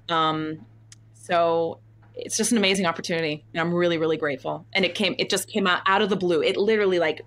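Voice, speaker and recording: Woman guest, chatty and animated, slightly low voice, acts out quotes. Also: fast talker. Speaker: Broadway actress, guest. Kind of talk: casual interview chat.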